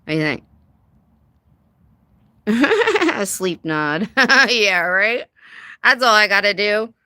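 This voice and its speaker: Slow and sing-song, this livestream host speaks at medium pitch with a sharp edge, and there's no room sound. She's sarcastic and casual, laughing often, welcoming viewers by name and saying "dude" and "y'all."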